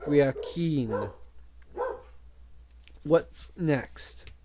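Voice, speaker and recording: A man reading the part of a gruff, blunt older commando trainer with dry humor. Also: a little high, lively intonation, very slow, background noise. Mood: wry.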